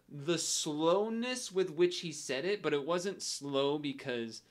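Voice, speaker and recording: A man's voice: on the high side, animated, slow, hardly any pauses. A man streaming a game, chatting casually and rambling through a story with frequent chuckles. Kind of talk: casual gameplay commentary.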